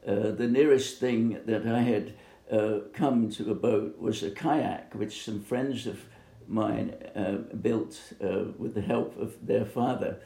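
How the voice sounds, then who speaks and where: An older man from Bermuda recalling his youth in an oral history interview, speaking haltingly with many pauses and fillers. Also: fairly low pitch, fairly even intonation, gravelly, dark tone. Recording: echoey room.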